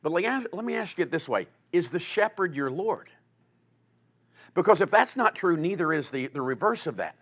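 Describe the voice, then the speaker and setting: Fairly high-voiced male pastor preaching. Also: sing-song, fast, few pauses. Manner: dynamic delivery, swinging between loud emphasis and quiet, low asides. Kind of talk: sermon.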